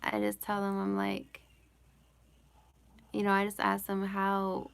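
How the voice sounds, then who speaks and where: Gravelly-voiced woman chatting casually. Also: mid-range voice, monotone, slow. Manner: rambling, full of "like" and "you know"; giggles often while talking. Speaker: live-stream host answering chat questions. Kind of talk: casual live Q&A chat.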